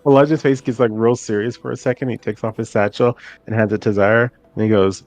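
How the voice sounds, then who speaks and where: A man playing a tabletop role-playing game, casually describing what his character does. His voice sits at a middle pitch. Faint music runs in the background. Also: steady tone, fast talker, hardly any pauses, a little mellow, no room sound. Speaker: player.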